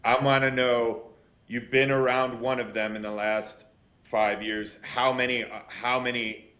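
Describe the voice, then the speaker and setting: A man's voice: medium pitch, little pitch movement, a little slow, fairly bright tone. A man hosting a casual interview who swears heavily and talks in intense, emphatic rants. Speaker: podcast host. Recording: echoey room.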